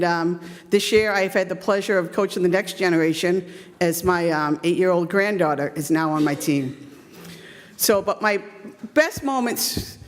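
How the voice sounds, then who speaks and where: A woman in her fifties tells baseball stories from a podium, chatty and self-deprecating, with plenty of ums and restarts. Her voice carries a long reverb from a big hall. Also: lowish voice. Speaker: youth baseball coach giving a speech. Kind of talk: storytelling speech at an event.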